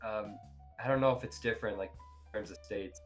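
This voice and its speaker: A woman chatting casually as a podcast guest, animated and often breaking into silly high voices. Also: fairly quick, soft background music.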